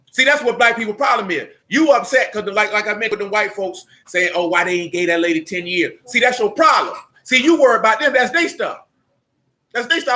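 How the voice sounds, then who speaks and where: High bright-voiced blunt male preacher. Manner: emphatic, blunt street-slang preaching; mocking asides with laughter. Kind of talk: sermon.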